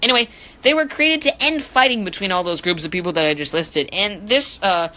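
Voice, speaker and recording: Woman doing a jokey history podcast, bright kinda punchy voice, trips over names, pokes fun at herself. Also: medium pitch, brisk, rough recording. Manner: joking, self-deprecating asides. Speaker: history teacher. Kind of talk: casual educational podcast.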